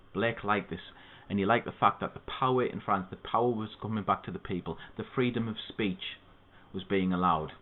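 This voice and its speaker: A slightly low-voiced English literature tutor methodically explains a poem to his students, sometimes stepping aside for a remark. The sound comes through thin and tinny, as though over a telephone.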